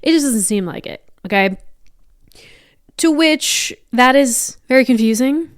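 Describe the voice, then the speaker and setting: A woman's voice: sits high, animated, a little slow, no room sound, studio quality. A young woman from the American South with a light Southern accent, hosting a podcast in a chatty, playful, casual way. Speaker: podcast host. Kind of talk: casual chat.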